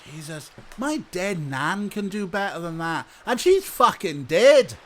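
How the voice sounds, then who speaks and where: Screaming scottish boss, swears nonstop, way up high and bouncy. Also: male voice, lively intonation, a little slow. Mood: ranting. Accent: Scottish, put on. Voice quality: shouty, foul-mouthed. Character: furious swearing Scottish male spin doctor host.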